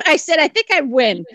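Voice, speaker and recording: A talkative woman on a group video call, laughing through her stories and mocking herself. Her voice sits high and swings widely in pitch. The sound is close and dry. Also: fairly bright tone, no room sound. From Massachusetts. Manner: chatty, laughing, self-mocking. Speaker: group chat participant. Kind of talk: casual group video chat.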